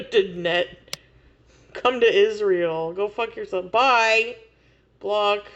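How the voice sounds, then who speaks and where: A woman's voice: medium pitch, extremely slow, lo-fi sound. A woman livestreamer chatting casually with viewers, laughing often and swearing freely.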